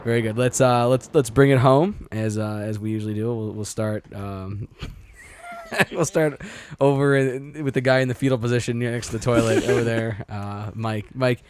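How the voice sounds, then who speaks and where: Relaxed man steering a podcast. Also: mid-range voice, normal speed, a little hiss or hum. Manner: relaxed, steering segments with filler-laced chatter. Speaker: podcast host. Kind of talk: casual comedic chat.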